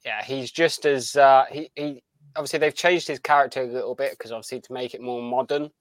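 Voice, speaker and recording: A man's voice: medium pitch, steady tone, fairly quick, no echo. A young man chatting casually as a podcast co-host, rambling and enthusiastic with many restarts. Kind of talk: casual chat.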